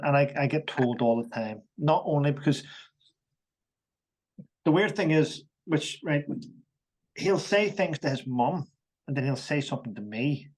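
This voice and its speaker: Higher-voiced male podcast guest, halting. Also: darkish tone. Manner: halting, repeats words, frank. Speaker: army veteran guest. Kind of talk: casual podcast chat.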